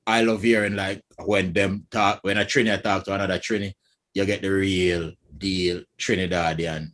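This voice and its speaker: A man's voice: low voice, level tone, moderate pace, fairly bright tone. A Jamaican man co-hosting a casual panel chat, talking with emphatic conviction. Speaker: co-host.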